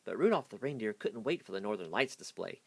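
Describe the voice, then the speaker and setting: A man reads a children's picture book aloud in a hurried pace. His low voice rises and falls with lively animation. The sound is dry and close. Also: creaky, slightly rough, dry recording. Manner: hasty reading. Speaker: storyteller.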